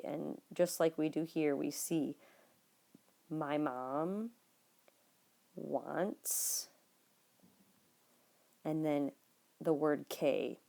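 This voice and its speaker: A woman teaching a Spanish lesson, her voice low and mellow with a gravelly edge. She explains patiently and talks straight to her students. Now and then she drops to a soft murmur while writing on the page. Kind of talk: recorded classroom lesson notes.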